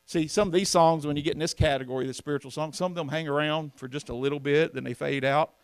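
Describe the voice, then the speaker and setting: A man's voice: on the high side, steady tone, quick pace, clean tone, dry recording. A man preaching from the pulpit, folksy and emphatic, often asking the congregation questions. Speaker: pastor. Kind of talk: sermon.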